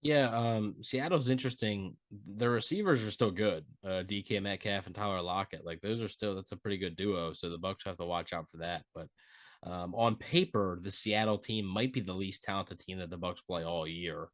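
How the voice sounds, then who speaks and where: A man with a deep, low voice co-hosts a casual sports podcast. He speaks in a halting way, full of fillers and repeated starts as he thinks aloud. The sound is dry and close, with no room around it. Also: no echo. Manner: halting, many fillers and restarts. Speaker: podcast co-host.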